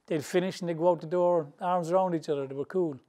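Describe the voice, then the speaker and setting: Man from England, boxing trainer, chatty storyteller, slightly high voice, casual rambling phrasing. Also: fast talker. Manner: animated storyteller, laughs through anecdotes; loose, colloquial, rambling phrasing. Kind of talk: storytelling interview answers.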